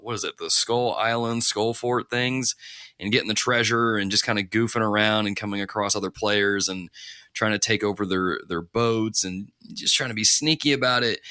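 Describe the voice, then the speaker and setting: A man's voice: fairly low pitch, pushed and bright, no room sound, studio quality. A man hosting a gaming podcast, chatting casually and upbeat. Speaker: podcast host. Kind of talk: casual chat.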